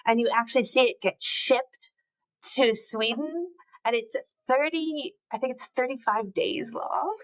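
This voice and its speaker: A woman's voice: fairly high pitch, dry recording, low-quality recording. A woman hosting a podcast, chatting casually about a film, joking and asking her set questions. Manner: chatty, quick jokes, asks set questions. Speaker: podcast host.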